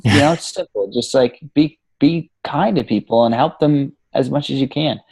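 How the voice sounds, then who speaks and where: A man with a mellow, warm voice talks in a relaxed interview. He is animated and casual, tossing in swear words and "you know" all through. The sound is close and dry. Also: mid-range voice, moderate pace, creaky, slightly rough, no room sound. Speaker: podcast guest, coach.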